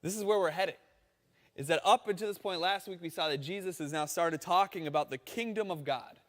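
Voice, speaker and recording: A man preaching a sermon, telling a story with animated quoted voices. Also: high voice, brisk, in a large hall. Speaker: pastor.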